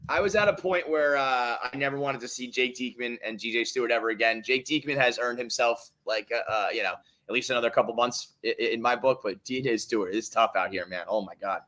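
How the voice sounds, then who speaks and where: A man co-hosting a sports podcast, talking in a casual, profane, animated way and laughing often. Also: mid-range voice, brisk, few pauses. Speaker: podcast co-host.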